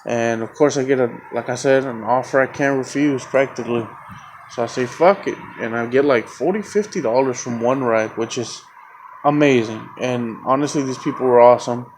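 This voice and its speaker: A podcast host spins a lengthy casual story at a moderate pace, rambling, cursing nonstop, and working himself up. His voice is an ordinary middle pitch, backed by a faint background hiss.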